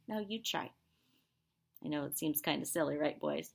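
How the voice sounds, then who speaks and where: A woman teaching kindergarten sight words, slow, patient and encouraging, drawing out spelled letters in a sing-song way. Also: sits low, vocal fry, husky.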